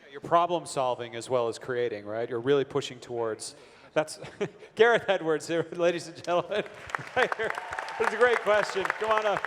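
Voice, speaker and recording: A man's voice: mid-range voice, animated, moderate pace, fairly bright tone. A man moderating a live panel, upbeat and prompting the audience and panelists. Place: large convention hall with audience. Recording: echoey convention hall with crowd.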